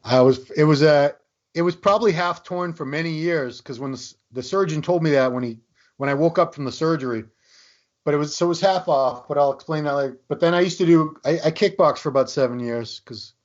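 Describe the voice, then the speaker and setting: Wry guy from new england on a podcast, bit higher voice, muffled-ish sound. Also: brisk. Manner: self-deprecating, wry storyteller. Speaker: podcast guest. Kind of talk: casual chat.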